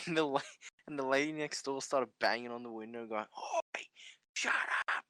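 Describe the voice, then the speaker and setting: A man's voice: mid-range voice, a bit bright, clear, resonant tone, no echo. A young man hosting a podcast, telling stories in a rambling, swear-filled casual chat with frequent laughs. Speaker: podcast host.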